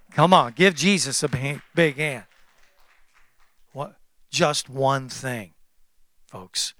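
A man preaching a sermon as pastor, emphatic and repetitive, calling out to the congregation and swinging between loud exclamations and hushed confiding. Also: mid-range voice, no room sound, clean studio sound. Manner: repeats phrases and calls out to the congregation.

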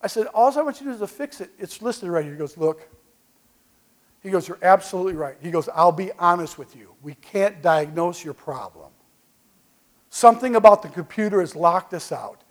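A man preaching as pastor, telling folksy stories with call-and-response asides and swinging from quiet remarks to loud bursts. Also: high voice, lively intonation, brisk. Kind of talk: sermon.

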